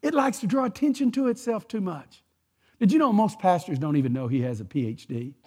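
A man's voice: sits high, animated, a little fast, darkish tone, slightly rough. An older man from Texas with a Texan accent preaching a sermon in a church, folksy and joking, repeating his points for emphasis. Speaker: pastor. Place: church sanctuary.

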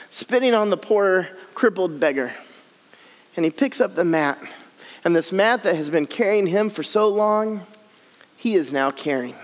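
A man giving a storytelling sermon at a camp, acting out the scenes and dropping soft and low when quoting scripture. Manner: dramatic, acts out scenes, drops low and soft for scripture quotes. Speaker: camp speaker. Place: large hall at a camp. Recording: long hall reverb.

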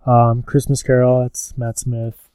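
Young guy, podcast host, mellow tone, dry close sound, casual banter. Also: medium pitch, monotone, smooth, no room sound. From United States. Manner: joking, fills pauses with "um".

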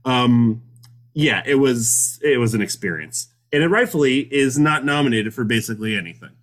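A man's voice: mid-range voice, moderate pace, a bit bright. A man co-hosting a casual movie podcast, joking, laughing often and swearing freely. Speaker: podcast co-host. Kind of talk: casual chat.

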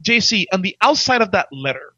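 A man in his forties telling stories in a casual chat, animated, barking out impressions of drill instructors. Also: sits high, brisk, dry recording, dull audio. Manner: animated, acts out drill instructors in loud barks. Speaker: podcast guest telling his life story.

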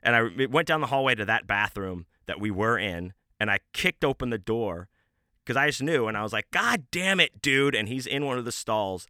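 A man's voice: lowish voice, fairly quick, bright, forceful tone, no echo, studio quality. Profane, rambling man telling a story. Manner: rambling, profane, with many restarts and fillers. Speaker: podcast host. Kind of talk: casual storytelling.

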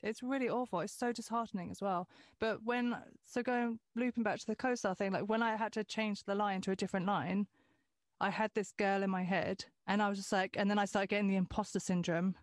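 A woman's voice: medium pitch, steady tone, a little fast, dry recording, studio quality. A woman hosting a podcast in casual chat, talking freely with frequent restarts and the odd swear word. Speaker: podcast host.

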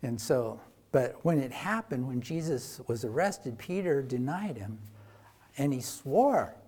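A man preaching a sermon, retelling a Bible story in a conversational way. He gets louder for emphasis and then drops soft and quiet. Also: mid-range voice, lively intonation, measured pace.

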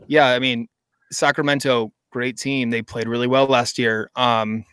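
A man's voice: medium pitch, level tone, unhurried, fairly bright tone, clean tone, no echo. A man co-hosting a casual podcast, talking enthusiastically and rambling with restarts. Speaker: podcast co-host. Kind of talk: casual chat.

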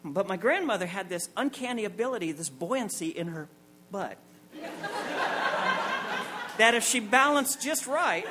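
On stage at a story night, a man in his forties tells a comic, self-mocking personal story and acts out the people in it. His high voice is expressive and unhurried, with long pauses, over heavy background noise.

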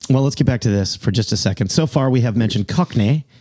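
Male podcast co-host, mid pitch, dry studio sound, jokey and stumbling through read-alouds. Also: fast, darkish tone, no room sound. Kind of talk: casual chat reading aloud from a website.

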